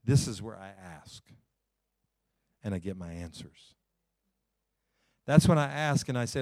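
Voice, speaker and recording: A man preaching a sermon in church, folksy, climbing loud and then slowing down low to read scripture. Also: lively intonation, no echo, studio quality. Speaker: pastor.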